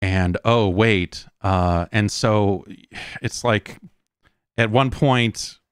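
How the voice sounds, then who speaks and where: A podcast host in his forties rants casually and with exasperation, swearing a lot and mocking others by repeating their words in quoted voices. His voice is fairly low and smooth, and he speaks very slowly. The recording is studio quality, with no room sound.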